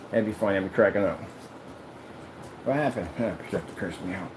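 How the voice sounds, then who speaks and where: A man's voice: lowish voice, expressive, a little fast, long pauses, a little mellow, a little hiss or hum, rough recording. A man who makes screens and rants while he works, talking in a boastful, rambling, mocking way. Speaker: screen maker. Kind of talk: ranting vlog while working.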